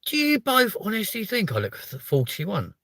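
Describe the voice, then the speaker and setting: A man's voice: high voice, huge pitch swings, normal speed, bright, forceful tone, dry recording. Mock-offended British man in his thirties. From United Kingdom. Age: 30s. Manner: playful, mock-offended, swears casually. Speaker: livestream host. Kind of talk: casual live chat reading viewer comments.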